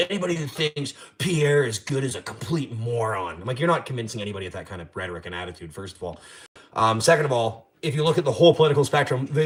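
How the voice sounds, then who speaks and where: A young man with a Canadian accent chats on a casual livestream from his garage. His talk is loose and rambling, sprinkled with swearing and cheeky trash talk, like someone answering chat while tinkering. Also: fairly high pitch. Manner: rambling, profane, trash-talking. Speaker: livestream host. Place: home garage.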